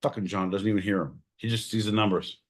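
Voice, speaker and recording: A man hosting a podcast, swearing constantly and swinging from shouting to mumbling. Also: fairly low pitch, fairly even intonation, quick pace. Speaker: podcast host. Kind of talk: crude comedic banter.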